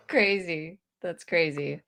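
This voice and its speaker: A woman's voice: lowish voice, a bit bright, no room sound, studio quality. A woman co-hosting a podcast, telling a story in casual chat and laughing often as she retells it. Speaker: podcast co-host and landlord.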